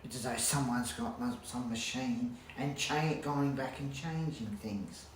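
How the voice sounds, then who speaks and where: A man's voice: mid-range voice, fairly even intonation. Rambling man in an echoey room. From Australia. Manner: rambling, halting restarts, blunt swearing. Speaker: vlogger. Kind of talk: casual rant to camera. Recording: roomy echo, faint background hum.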